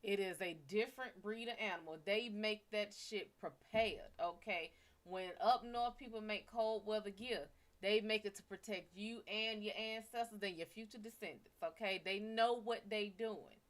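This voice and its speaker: A woman's voice: medium pitch, normal speed. Sassy woman chatting on stream. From American South. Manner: sassy, profane, chatty with viewers. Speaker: live stream psychic reader. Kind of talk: casual live-stream chat.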